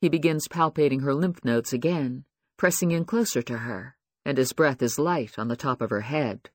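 In clean studio sound with no echo, a man with a mid-range voice reads an audiobook aloud, measured and expressive, as scripted narration.

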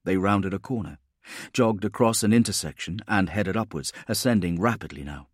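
A man giving steady, measured scripted narration of an audiobook. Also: low voice, slightly rough, dry recording, studio quality.

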